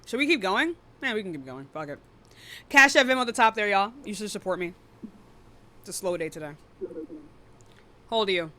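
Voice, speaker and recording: A woman hosting a live online debate stream, blunt and profane, quick to cut people off. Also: medium pitch, lively intonation, pushed and bright.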